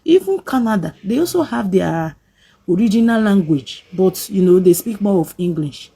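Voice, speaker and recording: Woman, Nigerian accent, breathy husky tone, dark warm sound, scolding vlog rant. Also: mid-range voice, expressive, normal speed. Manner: emphatic, scolding, mixes pidgin into English. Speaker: vlogger. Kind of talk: opinionated rant to camera.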